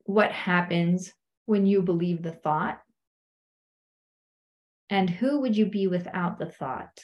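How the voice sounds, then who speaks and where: A woman's voice: lowish voice, slow, darkish tone. A woman, married, teaching a self-inquiry method in a conversational way, often asking "right?" and acting out quoted lines. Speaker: coach.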